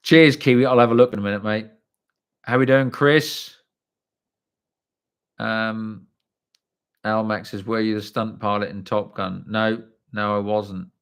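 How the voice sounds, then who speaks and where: A man's voice: lowish voice, fairly even intonation, unhurried, long pauses, smooth. A man, telling a story on a livestream and reading out viewer comments, chatty and blunt, swearing freely. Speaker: livestream host.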